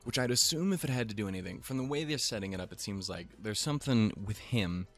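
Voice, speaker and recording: A man's voice: fairly low pitch, animated, quick pace, soft background music. A man casually recapping an anime episode, rambling and swearing freely with chuckling asides. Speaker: anime reviewer.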